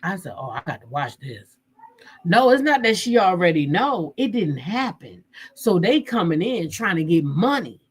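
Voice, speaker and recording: Husky woman in a loose, salty chat. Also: normal speed. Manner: animated, acts out quotes with jumps in pitch, swears freely. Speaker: vlogger. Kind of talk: casual storytelling chat.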